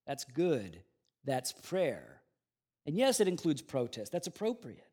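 A man preaching a sermon in a conversational way, moving between loud emphasis and quiet asides. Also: high voice, big pitch swings, measured pace. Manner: plays out the grumbling people in a raised voice. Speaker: pastor.

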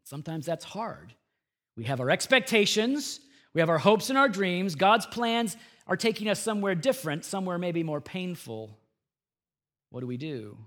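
Pastor preaching with rising emphatic bursts. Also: male voice, high-pitched, animated, moderate pace. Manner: swings from hushed earnest tones to loud emphatic bursts. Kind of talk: sermon. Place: church.

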